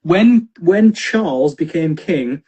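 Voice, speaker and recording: Husky-voiced man from North East England. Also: a little high, expressive, slow pace, dark tone. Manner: rambling, many ums and restarts. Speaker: podcast guest, miniature painter. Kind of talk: casual podcast chat.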